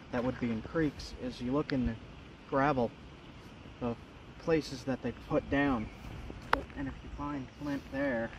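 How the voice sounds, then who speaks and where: A man from Long Island vlogs in the woods beside a creek, talking to the camera as he checks rocks. His voice sits at an ordinary middle pitch, and a steady outdoor ambience hangs around him. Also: gravelly, noisy background. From Long Island, New York. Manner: chatty, talks to camera while searching rocks. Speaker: bushcraft vlogger. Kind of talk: casual outdoor vlogging.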